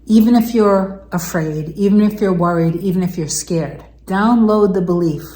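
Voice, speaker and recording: A woman's voice: medium pitch, moderate pace, dark tone, reverberant. A woman coaching viewers in a heartfelt motivational talk, repeating affirmations in an earnest, emotional way. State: tearful, emotional. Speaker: manifestation coach.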